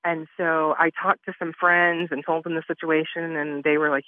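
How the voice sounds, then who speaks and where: A woman's voice: sits low, level tone, normal speed, hardly any pauses, no echo. A woman telling her story as an interview guest, talking conversationally with frequent fillers. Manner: conversational, with many "I was like" and "um" fillers. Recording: tinny phone-line audio.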